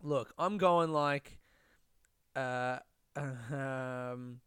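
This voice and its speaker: A man's voice: on the high side, moderate pace, a bit bright, smooth, dry recording, studio quality. Swearing man ranting on a podcast. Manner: profane, ranting, rambling with restarts. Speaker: podcast host. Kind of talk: casual solo podcast rant.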